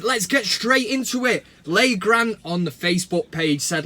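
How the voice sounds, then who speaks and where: Hosting a casual football reaction vlog from home, this Mancunian man from Manchester reads out viewer comments with cheeky, sweary banter. He sits high in pitch, sounding animated and sharp while keeping a measured pace. Audio comes from the camera mic.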